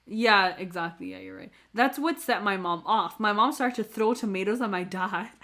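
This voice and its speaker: A woman's voice: medium pitch, moderate pace, creaky, bright, forceful tone. Podcast co-host, woman, reads aloud casually, trips over words and laughs them off. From Canada. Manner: reads aloud with slips and laughs at her own mispronunciations. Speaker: podcast co-host reading stories.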